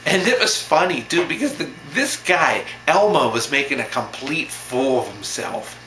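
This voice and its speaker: A man vlogger tells a story in a loose, rambling way, circling back with repeats and restarts while sounding amused. His voice rises and falls animatedly and has a bright edge. The sound is echoey, with a faint ambient hiss underneath. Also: on the high side, animated, moderate pace. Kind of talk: casual storytelling.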